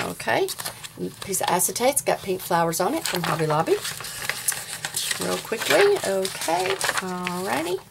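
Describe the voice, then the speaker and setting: The recording is very noisy, and her fairly low voice has a creak to it. This forties-aged woman from the American South, speaking with a Southern accent, addresses viewers directly as she casually shows off her handmade craft journal.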